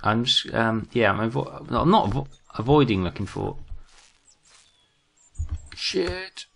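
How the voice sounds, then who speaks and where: A man's voice: lowish voice, fairly quick, vocal fry. A British man commentating his own game play, jumpy and muttering to himself with self-mocking asides. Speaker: gaming commentator.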